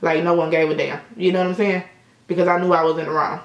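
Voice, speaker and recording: A woman's voice: fairly low pitch, flat delivery, fast, reverberant, muffled recording. A young woman chatting casually through a makeup tutorial, telling stories with a lot of swearing. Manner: chatty storytelling with frequent swearing. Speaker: beauty vlogger. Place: indoor room at sunset.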